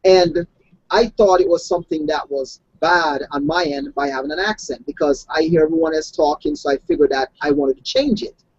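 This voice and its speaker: A man's voice: a little high, moderate pace, husky, no room sound, highs cut off. A man who grew up outside the United States, a health coach, telling stories in a casual online discussion with lots of restarts. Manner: animated storytelling with restarts.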